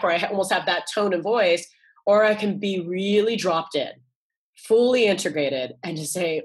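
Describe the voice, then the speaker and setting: A woman's voice: mid-range voice, normal speed, breathy edge. A woman in her forties, a guest author, talking earnestly in a casual interview and often restarting and repeating her words. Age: 40s.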